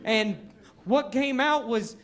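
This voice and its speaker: A man's voice: extremely high pitch, slow, slight background noise. A man doing stand-up storytelling, who stutters and jokes about himself on a comedy stage. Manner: stutters, self-deprecating. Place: comedy stage, audience laughing.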